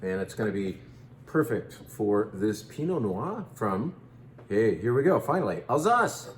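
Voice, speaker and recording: A man's voice: lowish voice, sing-song, measured pace, a little mellow, echoey room, slight background noise. A man in his fifties hosting a casual wine tasting, chatting playfully and joking about how to pronounce names. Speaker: wine shop host.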